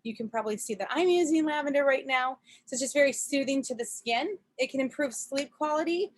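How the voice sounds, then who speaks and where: A woman's voice: high-pitched, a little fast. A woman chatting casually on a video call from a camper, telling a story with frequent laughs, fillers and restarts. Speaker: presenter.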